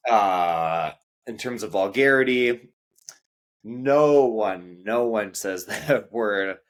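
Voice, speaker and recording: Measured man, low voice. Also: animated. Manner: measured, hesitant with frequent "um". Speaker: co-host of an English lesson. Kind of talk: casual conversational teaching.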